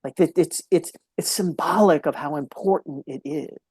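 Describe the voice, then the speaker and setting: A man's voice: a little high, moderate pace, darkish tone, breathy edge, dry recording. A man speaking as a podcast guest, telling a heartfelt story in an earnest way and repeating key phrases for emphasis.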